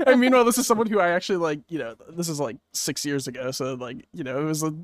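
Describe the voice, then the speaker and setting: A man's voice: a little high, quick pace, no echo. A Canadian man hosting a casual podcast, rambling through a story, swearing freely and laughing often. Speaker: podcast host.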